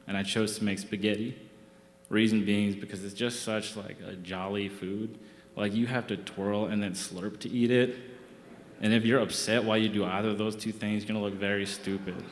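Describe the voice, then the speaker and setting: A young man telling a comic true story from his own life on stage, in a wry, conversational, self-mocking way. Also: lowish voice. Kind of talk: live comic personal storytelling. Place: theatre stage. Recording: roomy theatre reverb.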